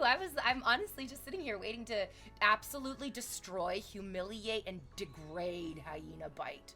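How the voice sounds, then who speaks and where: A young woman chatting casually on a live stream, excitable and swearing freely. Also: mid-range voice, normal speed, faint music behind. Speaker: livestreamer.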